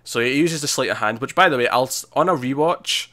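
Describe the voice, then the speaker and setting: A man's voice: mid-range voice, a little fast, bright, forceful tone. A man co-hosting a casual film chat, with a mid-range voice. He talks in a loose, chatty way, laughing easily and restarting his sentences as he goes. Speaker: podcast co-host. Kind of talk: casual movie discussion.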